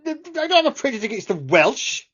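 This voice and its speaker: A woman voicing a blunt, principled female film star who lectures in a low, firm voice, on dull lo-fi audio. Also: very animated, a little fast, a bit bright, breathy edge, exaggerated voice. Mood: earnest.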